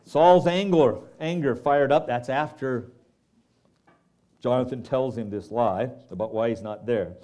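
A man preaching a sermon as pastor, reading scripture aloud and breaking off for lively asides to his congregation. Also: mid-range voice, unhurried.

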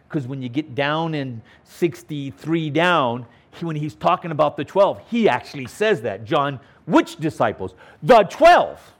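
A man teaching scripture in an emphatic, unhurried way, his pitch riding high and swooping around as he leans on key words. He repeats phrases for stress and keeps checking in with his listeners. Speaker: Bible teacher. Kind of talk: verse-by-verse Bible teaching.

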